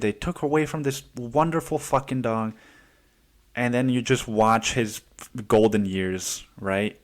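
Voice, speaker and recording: A man hosting a podcast alone, telling a long story in a rambling, profane, casual way with lots of fillers. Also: mid-range voice. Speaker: podcast host. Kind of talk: casual solo podcast monologue.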